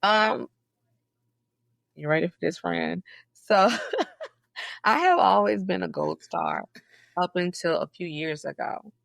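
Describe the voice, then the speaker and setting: A woman from Southeast Georgia, a guest in a casual interview, telling stories in an animated, emphatic way with sudden high, loud bursts. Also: slow pace, vocal fry, pauses often, no echo. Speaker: podcast guest, librarian.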